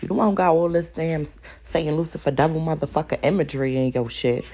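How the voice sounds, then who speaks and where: Gravelly, husky woman ranting with curses. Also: low-pitched, fairly even intonation, a little fast, warm tone. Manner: profane, confrontational, repeats lines for emphasis. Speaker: podcast host. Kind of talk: solo podcast rant.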